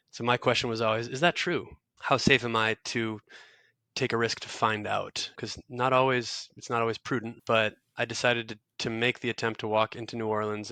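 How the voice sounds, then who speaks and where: A man's voice: mid-range voice, pushed and bright, clean tone, no room sound. A young man, a guest author, telling a reflective story in an interview, earnest and searching, with frequent restarts and fillers.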